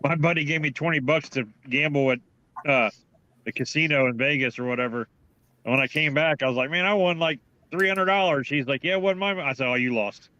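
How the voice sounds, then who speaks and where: A man chiming in with short replies and a quick story in casual chat. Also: medium pitch, sharp tone, no echo, dull audio. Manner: short back-channel replies.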